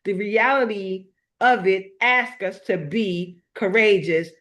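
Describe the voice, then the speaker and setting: A woman's voice: medium pitch, slow, a bit bright. Emphatic middle-aged woman motivational speaker. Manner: emphatic, preacher-like repetition with storytelling. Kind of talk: motivational talk.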